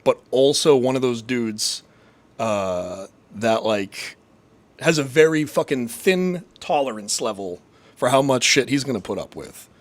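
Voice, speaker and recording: A young man hosting a casual live stream, ranting and rambling with constant profanity. His voice sits at a middle pitch. The room is dry and close, with no echo. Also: animated, unhurried. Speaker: streamer host.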